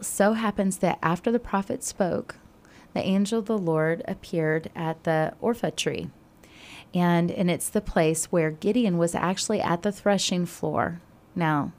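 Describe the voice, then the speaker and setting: A woman telling a Bible story to a listener in a casual, animated way, with frequent fillers. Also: lowish voice.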